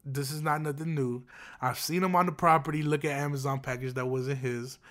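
A young man, a property manager, tells a story to his viewers in casual, animated street slang full of profanity, with "bro" and "you feel me" dropped in constantly. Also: medium pitch, a little fast.

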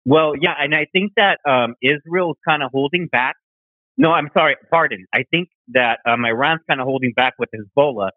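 A man's voice: on the high side, normal speed, dry recording. A man calling in to a talk show, ranting in a heated, profane, slangy way. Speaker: caller. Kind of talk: casual phone chat. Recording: tinny phone line.

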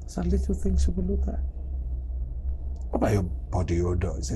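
In this poor-quality audio with a little hiss or hum, a middle-aged man with a fairly low voice talks briskly about character. His motivational speech is lively, full of stories and little acted-out exchanges.

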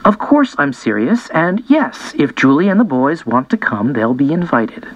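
A man's voice: a little high, sing-song, moderate pace, husky, heavily acted, low-quality recording. A man voicing a middle-aged mother in an audiobook, composed and matter-of-fact. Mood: firm. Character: mother, middle-aged woman, calm and firm. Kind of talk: audiobook character voice.

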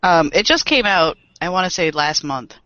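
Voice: mid-range voice, animated, moderate pace, crowd noise. A podcast co-host in casual, joking chat, laughing often, heard over an online call. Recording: dull lo-fi call audio.

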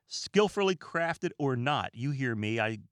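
A man hosting a podcast, talking in a calm, relaxed, rambling way and often stumbling over his words, recorded in a small room lined with books. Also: mid-range voice, a little slow, no room sound, studio quality. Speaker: podcast host. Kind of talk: casual podcast monologue.

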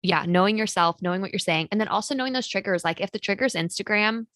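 A woman's voice: mid-range voice, fast, fairly bright tone, no room sound. A woman hosting a podcast, chatting casually in a practical, filler-heavy way. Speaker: podcast host. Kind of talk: casual chat.

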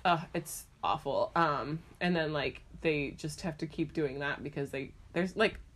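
A woman's voice: deep voice, a little slow, a bit bright, slight background noise. A young woman talking casually, rambling with many "like"s and "um"s and sounding sincere and frustrated. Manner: rambling, lots of "like" and "um"; sincere, frustrated about unfairness. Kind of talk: casual chat.

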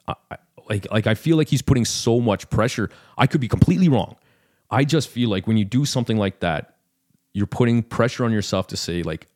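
A podcast host with a fairly low, slightly mellow voice chats casually about fights at a fairly quick clip. He rambles and pokes fun at himself, packing his talk with filler words.

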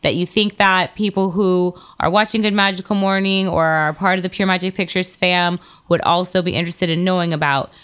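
A woman co-hosting a podcast in casual chat, upbeat and quick to laugh. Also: fairly low pitch, fairly even intonation, fairly bright tone, clear, resonant tone. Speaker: podcast co-host.

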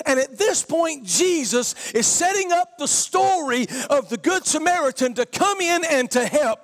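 Man, Southern Georgia accent, middle-aged pastor, unhurried sermon delivery, emphatic and shouting on key points. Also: very high-pitched, expressive. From Georgia, USA. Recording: long reverb of a large hall.

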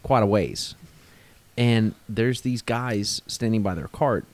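A man co-hosting a podcast, telling stories in a casual, animated way and laughing often. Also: lowish voice, slow pace. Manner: animated, laughs while telling stories, says "dude" a lot. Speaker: podcast co-host. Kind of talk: casual storytelling chat.

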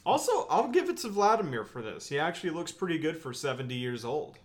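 A man's voice: a little high, big pitch swings, fast. A man co-hosting a podcast, cracking crude jokes and firing off rhetorical questions in casual banter. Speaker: podcast co-host.

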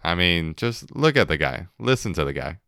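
A man's voice: sits low, sing-song, normal speed, sharp tone, clear, resonant tone, no room sound, studio quality. A young man hosting his own podcast in a loose, joking solo chat, swearing and laughing as he goes. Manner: laid-back, joking, swearing, laughing often. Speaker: podcast host.

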